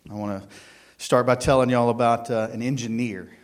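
Man, guest preacher, mid-pitched, halting and folksy, full of fillers. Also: fairly even intonation. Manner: folksy, halting, many fillers, tells jokes with acted voices. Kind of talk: sermon.

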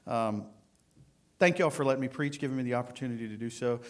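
Man, guest preacher, mid-pitched, halting and folksy, full of fillers. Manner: folksy, halting, many fillers, tells jokes with acted voices. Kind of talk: sermon.

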